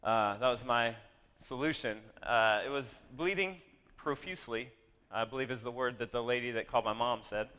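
Man, storytelling to an audience, animated, self-deprecating asides, crisp voice, long hall reverb. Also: mid-range voice, moderate pace.

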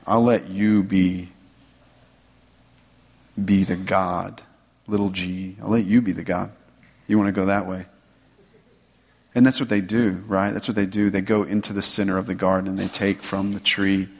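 Man preaching, casual sermon, lots of "right?", low voice, reverberant hall. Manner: conversational, animated, many "right?" asides.

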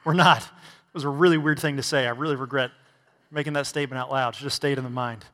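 A man's voice: medium pitch, steady tone, quick pace, sharp tone, in a large hall. A man preaching a sermon to a congregation, asking rhetorical questions and adding bits of humor. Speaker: pastor.

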